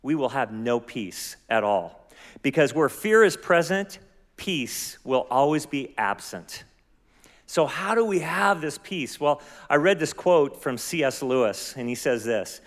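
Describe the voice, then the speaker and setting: A man's voice: medium pitch, animated, a little slow. A man preaching a sermon as pastor, earnest and often asking his listeners questions. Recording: long hall reverb.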